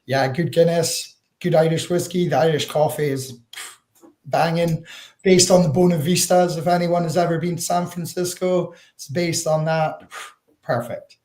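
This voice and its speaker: A man's voice: a little high, darkish tone, reverberant. Chatty Northeast Scottish man on a call. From Northeast Scotland. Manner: chatty storyteller, laughs often, uses Scots words like wee. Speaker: guest, whisky ambassador. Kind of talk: casual chat over a video call.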